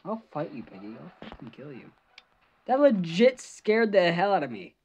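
A woman's voice: lowish voice, very animated, normal speed, a little mellow, slight background noise. A woman gamer giving live gaming commentary, jumpy, swearing and shrieking at scares, on a slightly dull lo-fi mic.

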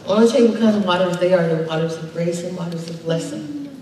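A woman's voice: fairly low pitch, lively intonation, fast talker, warm tone, a little hiss or hum. A woman pastor preaching a sermon, emphatic and drawing responses from her congregation. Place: church sanctuary. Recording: echoey church hall, distant mic.

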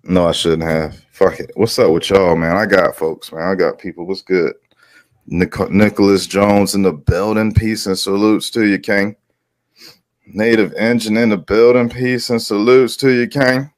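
A male vlogger delivers heated, profane ranting commentary, emphatic and repetitive, swearing a lot and greeting his viewers along the way. His voice is lowish with fairly even intonation and a slightly slow pace. The sound is studio quality with no echo.

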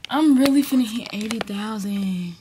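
A woman's voice: medium pitch, moderate pace, heavy background noise. A young woman, chatting informally and directly to her viewers on a vlog, recorded on a camera mic. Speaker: vlogger. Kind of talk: casual vlog chat to camera.

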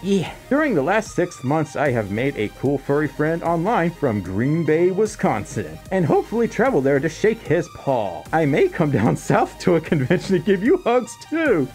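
A YouTuber chatting casually while reading fan letters aloud, bubbly and quick to laugh. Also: medium pitch. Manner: bubbly, laughs often, squeals when excited. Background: faint background music.

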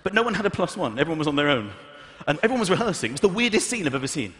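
Animated stand-up comedian. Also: male voice, fairly high pitch, racing. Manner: animated, acts out voices, shouts punchlines. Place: large hall with audience. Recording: echoey live hall, audience laughter.

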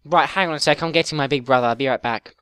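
A man's voice: a little high, fast talker, fairly bright tone, smooth, no room sound, studio quality, natural voice. A man putting on the voice of a whiny fourteen-year-old boy gamer, pleading and childish over voice chat.

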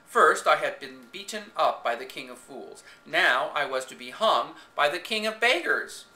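A man's voice: fairly high pitch, animated, moderate pace, bright, forceful tone. A man reading a story aloud in the first person with dramatic expression, recorded on a home camcorder in an echoey room. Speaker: reader.

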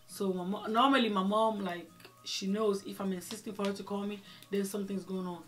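A woman vlogger telling a personal story in a chatty, animated way, with many fillers. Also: mid-range voice, a little fast. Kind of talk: casual storytelling.

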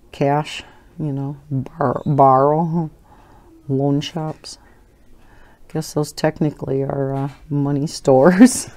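A low, mellow older woman chats at an unhurried pace as she colors. She rambles through everyday stories and laughs often, with a baby in her arms. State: holding a baby while talking. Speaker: coloring channel host. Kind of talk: casual chat while coloring.

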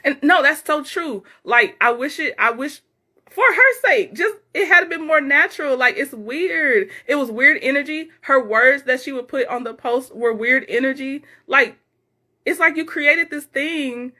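Bright, chatty woman live streamer. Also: high-pitched, unhurried. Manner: animated, laughs often, chatty. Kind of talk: casual live chat reading comments.

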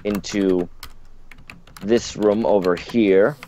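A man's voice: lowish voice, steady tone, slow pace, warm tone, slight background noise. A man running a tabletop game as game master, narrating with frequent uh and um. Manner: hesitant, lots of uh and um.

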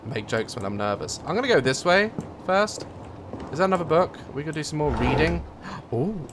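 A man's voice: a little high, lively intonation, a little fast, a bit bright, a little hiss or hum. A young man commentating a horror game, joking nervously and breaking into sudden screams. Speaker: gaming YouTuber.

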